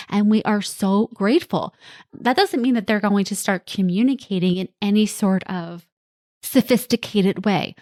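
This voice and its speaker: Woman, podcast host, parenting coach, reassuring and direct, middle pitch, dry close sound. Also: a little mellow, dry recording. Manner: coaching, reassuring, acts out quotes from kids and parents. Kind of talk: solo podcast talk.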